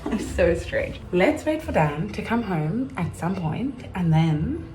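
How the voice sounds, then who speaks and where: A young woman from South Africa, a vlogger and actor, chatting casually in a rambling, animated way in a room at home. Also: on the low side, slow, echoey room, slight background noise, poor audio. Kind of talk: casual vlog chat.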